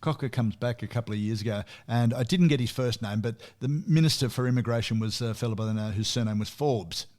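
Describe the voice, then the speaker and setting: A man's voice: mid-range voice, quick pace, few pauses, a little mellow. Man, radio music-segment presenter, casual and anecdotal. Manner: anecdotal, chuckles at his own stories.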